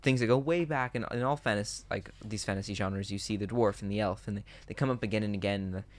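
A man's voice: fairly low pitch, fast talker. A man chatting casually about building fantasy worlds for tabletop games, musing with lots of fillers and restarts. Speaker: podcast co-host.

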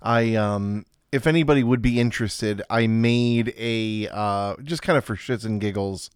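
A man co-hosting a podcast, chatting in a relaxed, wry way. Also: lowish voice, unhurried, clear, resonant tone, no room sound, studio quality. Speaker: podcast co-host. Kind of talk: casual podcast chat.

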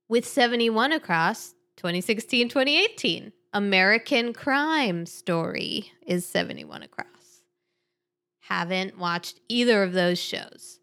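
A woman hosting a casual podcast chat, easygoing and quick to laugh. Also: mid-range voice, a bit bright. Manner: giggly, easygoing, laughs often. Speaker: podcast host. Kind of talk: casual chat about crossword puzzles.

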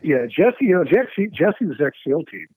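A man who is a stunt performer, telling lively, laughing anecdotes and slipping into impressions during a radio interview. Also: fairly high pitch, normal speed, husky, no room sound, narrow, tinny audio. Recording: dry radio studio.

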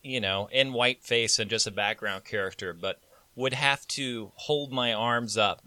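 Brief: male co-host, unhurried delivery, bright dry sound, jokey storyteller. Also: medium pitch, no room sound. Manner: laughs often, jokey storytelling. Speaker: podcast co-host. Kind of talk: casual chat and scripture reading.

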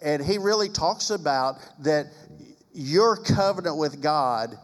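Man, pastor, higher voice, emphatic preaching, sarcastic edge, long hall reverb. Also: expressive, takes it slowly. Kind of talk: preaching-style talk on marriage.

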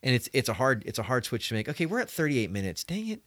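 A man's voice: mid-range voice, sing-song, fast talker, fairly bright tone, no room sound. A man hosting a casual podcast from a small office, laughing easily and poking fun at his own flubbed reads. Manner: laughing, self-deprecating, stumbles over reads. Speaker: podcast host.

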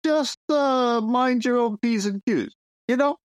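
A man's voice: very high-pitched, slow, smooth, voice pushed up. A man voicing a tough male mob boss, making veiled threats in a swaggering, coaxing way. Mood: menacing, coaxing. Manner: swaggering, wheedling New York mobster talk.

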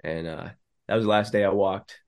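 Young male guest, low-pitched, unhurried, talks it through with lots of ums. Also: vocal fry, clear, resonant tone. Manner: relaxed, filler-heavy storytelling. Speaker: podcast guest, business co-founder. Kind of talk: casual storytelling interview.

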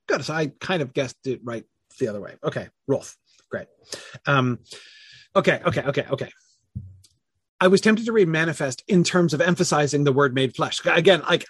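A man runs a casual online Bible study, thinking out loud with lots of fillers and self-corrections while responding to chat comments. His voice is a little high, slightly bright and husky, and the recording is dry.

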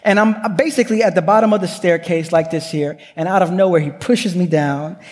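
A man's voice: sits high, brisk, a little mellow. A male pastor preaching a sermon, earnest and building with repetition, weaving in personal stories. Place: church sanctuary. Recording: long hall reverb.

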